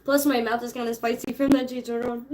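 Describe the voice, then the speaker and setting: Giggly high-voiced young woman. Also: normal speed, noisy background. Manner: laid-back, slangy, giggly. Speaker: streamer. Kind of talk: casual chat.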